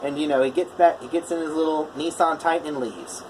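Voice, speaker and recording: A man's voice: on the high side, fairly even intonation, fairly quick, background noise. A man, a welder, casually telling a story in a vlog, rambling with lots of fillers and restarts. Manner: rambling, full of "you know" and "I was like".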